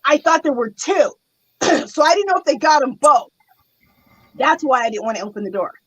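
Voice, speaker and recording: A woman's voice: high-pitched, moderate pace, poor audio. A woman hosting a casual chat, telling a story with lots of feeling and acting out her own reactions. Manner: animated, acts out her own reactions in quotes. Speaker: host.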